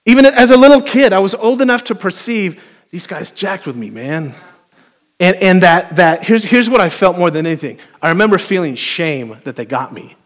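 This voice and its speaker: A man preaching a sermon as pastor, telling a story with playful, animated asides to the congregation. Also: sits high, brisk, hardly any pauses. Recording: long hall reverb.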